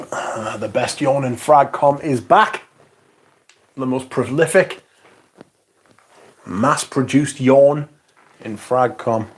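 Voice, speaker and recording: A man's voice: mid-range voice, slow pace, long pauses, husky. A man around forty, hosting a casual livestream, chatting and reading out viewer comments in a rambling, swearing way. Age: 40s. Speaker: fragrance livestream host.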